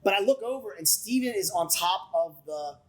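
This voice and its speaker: A man on a podcast as a guest, telling stories in an animated way with lots of swearing. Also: high voice, moderate pace, poor audio. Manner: animated, profane storyteller who acts out quotes. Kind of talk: casual storytelling chat.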